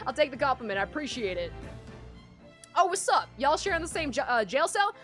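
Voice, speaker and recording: Young woman, game streamer, high lively voice, bright, gushing commentary, faint game music behind. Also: brisk. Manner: excitable and gushing, gasps and tearful squeals. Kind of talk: casual live-stream commentary.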